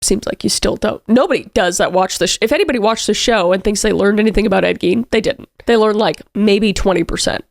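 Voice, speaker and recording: A woman's voice: medium pitch, fast, creaky, few pauses, no echo. A woman hosting a true crime commentary video, talking casually and getting frustrated and emphatic, with lots of fillers. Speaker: YouTube commentary host.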